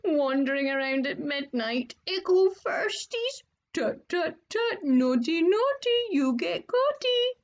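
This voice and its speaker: A woman doing Peeves, shrill taunting poltergeist. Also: sing-song, slow, heavily acted. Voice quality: shrill, taunting sing-song. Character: mischievous cackling male poltergeist, sing-song. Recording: dull lo-fi recording.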